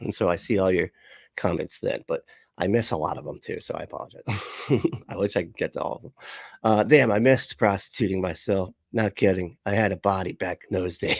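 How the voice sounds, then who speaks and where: A man with a fairly low voice streams casually, reading chat comments aloud and rambling with frequent laughs and profane asides. The audio is studio quality with no echo.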